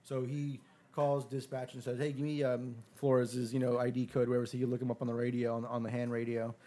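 Talking fast, a man on a podcast shares a casual story full of profanity, diving into the quoted lines of others. His pitch is ordinary middle range, and he trips over words and starts again while working up to the next bit.

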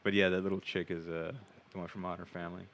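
A man's voice: low-pitched, level tone, quick pace, a bit bright. A man co-hosting a casual podcast chat, rambling and crude, with many fillers and restarts.

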